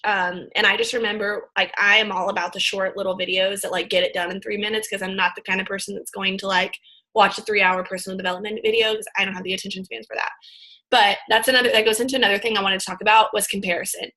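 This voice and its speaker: A woman talks casually to her viewers, filling her sentences with "like" and "um". Her voice is bright and sits at an ordinary pitch. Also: level tone, quick pace, poor audio. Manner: chatty, full of fillers like "like" and "um". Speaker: vlogger.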